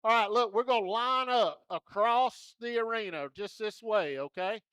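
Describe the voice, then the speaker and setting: A man's voice: high voice, moderate pace, a bit bright, clear, resonant tone, no echo, studio quality. A man at a rodeo arena, coaxing children into a contest in a folksy, joking way over a handheld mic. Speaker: rodeo entertainer running a kids' contest. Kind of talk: lively arena crowd-work.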